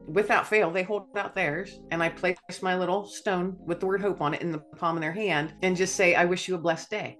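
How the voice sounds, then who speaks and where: A woman guest on a podcast, telling a personal story in a lively way, acting out dialogue and laughing often. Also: fairly low pitch.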